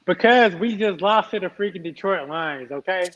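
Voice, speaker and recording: A man's voice: high-pitched, animated, moderate pace, a crowd in the background. A man co-hosting a casual sports podcast, talking hesitantly and stammering on his words. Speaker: podcast co-host. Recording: dull lo-fi sound.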